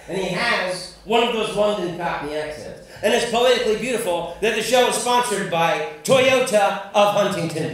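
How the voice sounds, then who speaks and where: A man's voice: high voice, fairly bright tone. A man doing a stand-up comedy set, chatting with and teasing the crowd, swearing freely. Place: live comedy venue. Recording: echoey room, far from mic, noisy.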